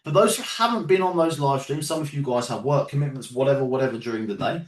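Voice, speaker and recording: A man's voice: medium pitch, fast talker, roomy sound, recorded from a distance. A man with a London accent coaching a group of traders on a live call, casual, sometimes swearing, and checking in with "yeah?" and "right?". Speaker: trading coach.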